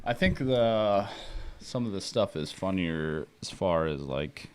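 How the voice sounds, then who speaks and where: A man's voice: low voice, lively intonation, slow pace. A man co-hosting a casual podcast from a small home set, talking into a studio mic in a wry, laid-back way. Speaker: podcast co-host. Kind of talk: casual chat.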